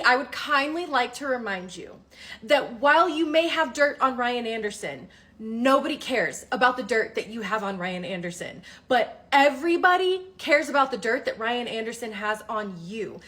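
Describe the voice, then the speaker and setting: A woman with a high voice gives casual commentary. She is direct and incredulous, speaking straight to the people she criticizes. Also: a bit bright. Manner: pointed, direct address, incredulous. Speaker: commentary vlogger.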